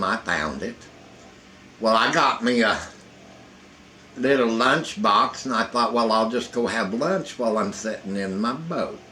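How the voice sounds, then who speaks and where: A man's voice: medium pitch, bright, forceful tone, slight background noise, poor audio. An older man who tells folksy jokes and stories in a rambling way, sitting indoors. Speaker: storyteller. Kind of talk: casual folksy joke-telling. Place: indoors in a hot room.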